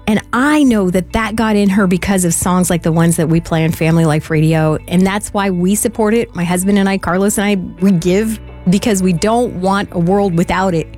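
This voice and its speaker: A woman co-hosting a radio fundraising appeal, talking earnestly and warmly about her family. Faint music runs under her voice. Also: medium pitch, normal speed, few pauses. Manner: earnest and heartfelt, laughs easily. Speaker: radio fundraiser co-host and parent. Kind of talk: on-air fundraising appeal, personal story.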